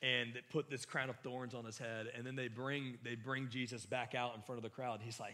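A male preacher gives a sermon in a bright, forward voice of medium pitch with fairly even intonation. He speaks briskly with few pauses, earnest and emphatic, often restarting phrases mid-thought.

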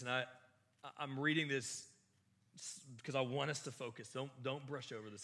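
A male preacher delivers a sermon in a bright, forward voice. He is earnest and emphatic, and he often restarts his phrases mid-thought. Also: medium pitch, normal speed.

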